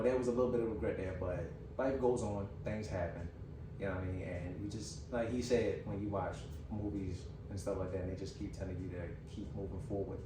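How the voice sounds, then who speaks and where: A man hosting a casual talk show, speaking in an animated, emphatic, slangy way. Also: lowish voice. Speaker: podcast host. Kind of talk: casual chat. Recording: echoey room, far from mic, background noise.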